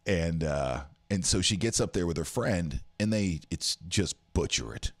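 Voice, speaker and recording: Deep-voiced male host, easygoing and rambling, filler-heavy live-show banter. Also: expressive, unhurried. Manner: rambling, full of "uh" fillers, self-deprecating. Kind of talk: casual monologue. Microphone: studio mic for a live stream.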